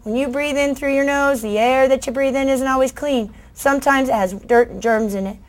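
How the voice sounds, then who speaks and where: A woman's voice: sits high, fairly quick, lightly acted. A woman reading a children's picture book aloud as a cheerful, proud talking booger, in a chirpy, playful way.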